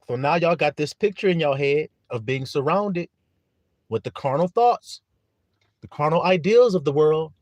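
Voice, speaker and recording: A man's voice: fairly high pitch, a little mellow, no echo. A man preaching a live-streamed sermon. He reads scripture aloud, fires questions at his listeners, greets viewers by name and laughs often.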